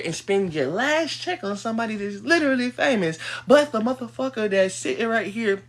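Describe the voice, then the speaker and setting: A fairly high-voiced man rants on a livestream. His delivery is heated and profane. It drops to low mutters, then swings up into loud, sharp outbursts. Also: expressive, a little fast, hardly any pauses. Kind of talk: livestream rant.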